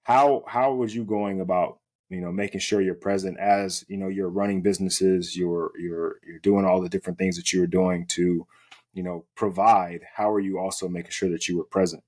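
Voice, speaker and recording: A male podcast host with a very low, deep voice. He asks long, rambling questions and affirms his guest's answers. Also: steady tone, moderate pace, a little mellow. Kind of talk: conversational interview.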